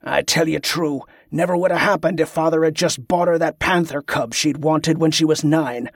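A man's voice: on the high side, fairly even intonation, moderate pace, gravelly, no echo, studio quality. A man voicing a brusque, swearing ship captain. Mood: irritable.

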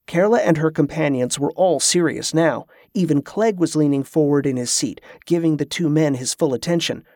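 A man narrating his own fantasy audiobook in a steady, measured way. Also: on the high side, no room sound, studio quality. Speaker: author and narrator.

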